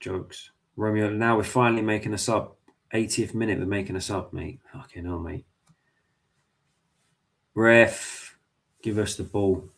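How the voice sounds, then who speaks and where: A man's voice: on the low side, measured pace, gravelly, pauses often. A man watching a football match live with his viewers, talking to the players and the referee and swearing often. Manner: excitable, swears a lot, talks to the players and ref. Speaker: football fan streamer.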